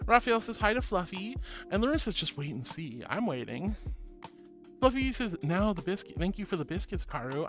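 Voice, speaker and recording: A woman streamer chatting casually and reading out viewer messages, sweet and affectionate, her voice jumping up high when she greets people.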